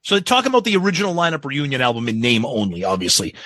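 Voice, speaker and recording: A man co-hosts a podcast in relaxed, casual chat, his voice bright and a little high. He moves up and down a lot in pitch, and often stalls with ums and restarts. The sound is close and dry. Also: rapid-fire, no echo. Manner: hesitant, many ums and restarts. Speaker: podcast co-host.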